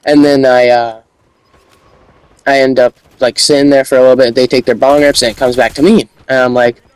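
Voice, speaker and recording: Young guy, middle pitch, casual storytime monologue, rambling, slangy, stumbles over his words. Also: level tone, brisk, smooth, no echo, rough recording.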